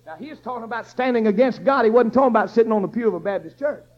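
A man's voice: extremely high pitch, racing. A man preaching an emphatic sermon in a repetitive, rousing cadence. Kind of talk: fiery Baptist sermon. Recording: dull lo-fi church recording.

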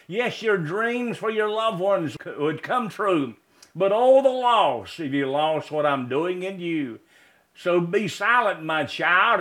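A man preaches in a slow, unhurried cadence, his voice sitting noticeably high. He leans on repetition and emphatic exhortation, moving between sermon, recited verse and prayer. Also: a bit bright.

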